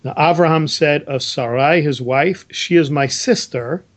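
A man's voice: on the high side, measured pace. A man co-hosting a Bible discussion, explaining verses earnestly and reading scripture aloud. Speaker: Bible study co-host.

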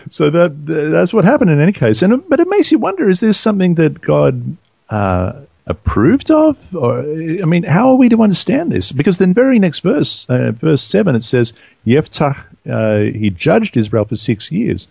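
A man's voice: fairly high pitch, very animated, moderate pace, gravelly, darkish tone, husky, dry recording. A man co-hosting a conversational Bible study, thinking aloud and raising questions about the text. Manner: reflective, asks probing questions.

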